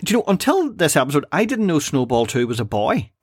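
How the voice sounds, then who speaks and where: Man, podcast co-host, casual recap, quotes characters in quick voices, dry close mic. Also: on the high side, very animated, breathy edge, no echo. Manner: chatty, retells scenes with quick quoted voices and laughs. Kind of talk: casual chat recapping a cartoon episode.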